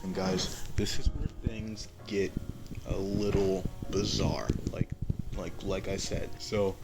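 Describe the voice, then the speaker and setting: Man, young adult, low-pitched, rambling story-time monologue, fillers and restarts. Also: level tone, slow, over loud music, low-quality recording. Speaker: vlogger.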